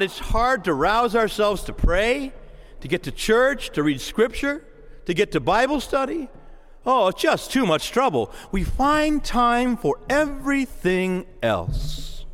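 A male pastor preaching a sermon with passion, moving from hushed prayer to excited outbursts. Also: high-pitched, long reverb tail. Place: church sanctuary.

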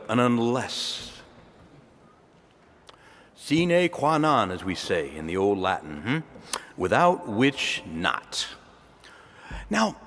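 A man's voice: mid-range voice, in a large hall. A man preaching a homily as a priest, emphatic, repeating key words and adding rhetorical asides. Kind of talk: sermon.

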